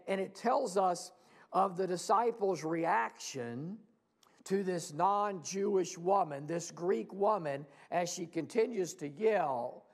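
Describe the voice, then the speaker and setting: Slow, gravelly-voiced preaching pastor. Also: male voice, fairly high pitch, a little mellow. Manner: slow, earnest preaching with rhetorical questions. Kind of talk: sermon. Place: church sanctuary.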